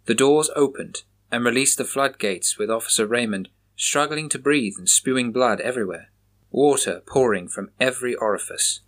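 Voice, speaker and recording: A man reading a horror story aloud in a measured, grave manner. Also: mid-range voice, fairly bright tone. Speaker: narrator.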